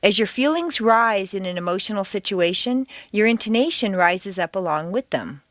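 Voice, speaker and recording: A woman with an American accent reading a scripted accent lesson, speaking slowly and deliberately with exaggerated intonation for learners to repeat. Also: medium pitch, expressive, fairly bright tone, no echo. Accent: General American. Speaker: accent teacher.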